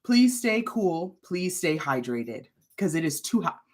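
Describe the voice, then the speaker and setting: A bubbly woman chats on a casual livestream from her home craft room. Her pitch jumps around a lot, and she sounds a little out of breath as she talks. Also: very animated, a little slow, darkish tone. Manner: bubbly, chatty, greets viewers by name. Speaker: crochet designer and livestream host.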